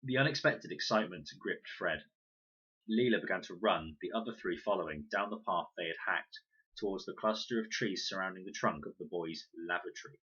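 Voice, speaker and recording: A man reading a children's novel aloud in an expressive, animated way. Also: deep voice, brisk, husky. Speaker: storybook reader. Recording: dull lo-fi recording.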